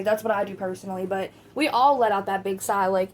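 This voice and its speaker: A woman's voice: mid-range voice, a little fast, hardly any pauses. Woman, commentary host, chatty, opinionated, speaks to viewers, faint noise behind. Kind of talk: casual commentary.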